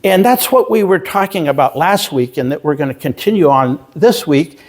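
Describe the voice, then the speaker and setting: A male pastor preaching a sermon, telling a story slowly with halting pauses and self-deprecating humor. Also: fairly high pitch, animated. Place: church sanctuary.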